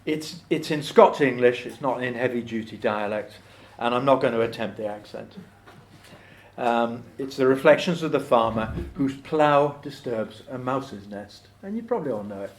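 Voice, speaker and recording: A man's voice: mid-range voice, animated, moderate pace, slight background noise. A man speaking at a folk club, explaining a poet's life with dry, joking asides and reciting a poem aloud. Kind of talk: talk with poetry recitation to a live audience.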